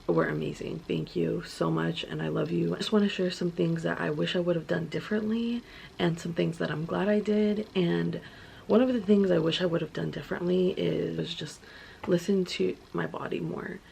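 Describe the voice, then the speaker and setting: A woman's voice: fairly low pitch, creaky, a little mellow, a little hiss or hum. A young woman vlogger telling her story in a casual, chatty way, full of filler words.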